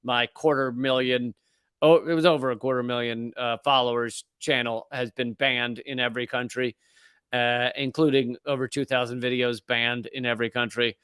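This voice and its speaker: A medium-pitched, smooth, slightly bright voice with little pitch movement speaks at normal speed, with no room sound. It's an American comedian on his live show, sarcastically riffing on the news in casual ranting commentary, mocking pronunciations, laughing, and often stumbling into restarts.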